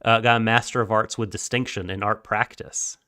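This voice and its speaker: A man co-hosting a casual anime podcast, talking in a halting way with many pauses and laughing easily. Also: lowish voice, fairly even intonation, pushed and bright, clear, resonant tone. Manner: halting, many ums and uhs, quick to laugh. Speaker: podcast co-host.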